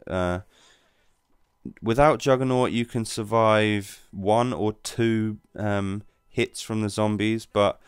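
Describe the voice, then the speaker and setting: A man giving relaxed, rambling commentary over his gameplay as the channel's host. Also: on the low side, slow pace, clean tone, dry recording, clean studio sound.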